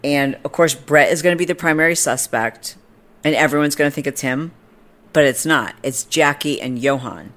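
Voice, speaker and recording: Low-voiced woman telling a snarky story. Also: normal speed. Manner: animated, snarky retelling with quoted voices. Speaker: podcast host. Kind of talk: casual storytelling.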